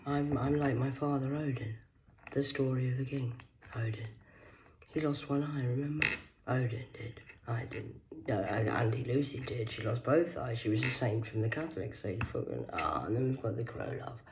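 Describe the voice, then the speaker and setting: A woman's voice: a bass voice, normal speed, noisy background. Rambling, profane woman. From Cornwall, England. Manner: profane, rambling, veers between hushed whispers and loud outbursts. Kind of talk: rambling solo monologue to camera.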